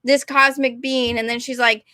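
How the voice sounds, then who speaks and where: A young woman with a drawl rambles through a casual rant, often apologizing and putting herself down. Her voice is high and bright. The sound is dry and close. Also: level tone, normal speed, no echo. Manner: rambling, apologetic, self-deprecating. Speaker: vlogger.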